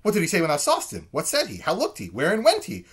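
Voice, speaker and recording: A man voicing a giddy young woman in love, firing off rapid breathless questions. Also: a little high, huge pitch swings, fairly bright tone, slightly rough, pitched above the performer's own voice, heavily acted. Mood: frantic.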